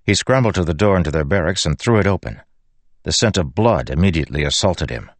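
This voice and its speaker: A man reading an audiobook in a measured, even scripted narration. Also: low-pitched, dry recording.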